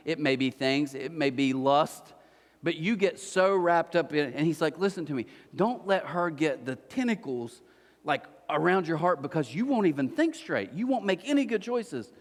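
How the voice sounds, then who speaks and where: A man's voice: fairly high pitch, moderate pace. A man preaching a sermon as pastor, telling stories with energy and acting out the voices of the people in them. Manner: animated storytelling, acts out voices. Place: large church hall. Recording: reverberant church hall.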